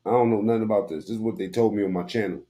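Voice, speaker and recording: A man's voice: on the low side, rapid-fire, heavy background noise. Mocking man reacting to a video. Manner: mocking, crude, laughs at what he watches. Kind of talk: casual reaction commentary.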